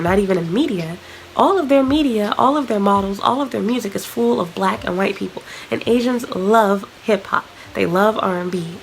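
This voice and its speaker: A woman's voice: medium pitch, creaky, slight background noise, poor audio. A young woman venting frankly and with exasperation in a vlog to camera. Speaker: vlogger.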